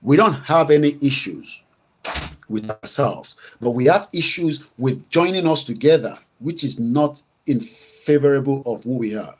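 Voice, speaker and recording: A man's voice: medium pitch, animated, a little slow, darkish tone. A middle-aged Nigerian man hosting his own online show, giving a heated, combative commentary. He scolds and repeats himself and greets viewers by name.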